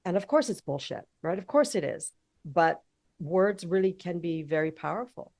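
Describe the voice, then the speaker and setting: A woman with a low voice and a gravelly edge tells a personal story as an interview guest. She speaks candidly and with plain emotion, like an entrepreneur opening up about her past. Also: expressive, normal speed, a little mellow. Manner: emotional, heartfelt.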